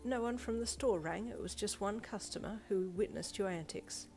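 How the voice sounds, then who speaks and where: A woman's voice: mid-range voice, moderate pace, soft background music, natural voice, rough recording. A woman reading aloud voices a middle-aged woman principal who speaks formally and apologetically. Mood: firm. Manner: formal, apologetic, then tearful and soft.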